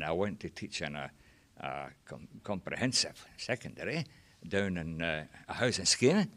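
An older Scottish man speaks low in his range but swings his pitch widely as he reminisces. He halts and restarts phrases while talking on a discussion panel. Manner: hesitant, restarts phrases, animated. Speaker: panel guest, former teacher. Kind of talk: reflective conversational storytelling.

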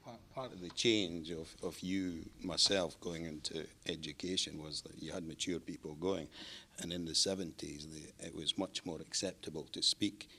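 A very deep, husky older man speaks with a forceful edge. He repeats words as he works through an explanation on a discussion panel. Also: moderate pace. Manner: repeats words while building a point. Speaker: panel guest, teacher.

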